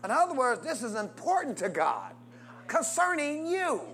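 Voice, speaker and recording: With wildly swooping pitch and a moderate pace, a man preaches a sermon. He constantly calls on the congregation to answer his questions and say amen, his loudness swinging widely in call-and-response fashion.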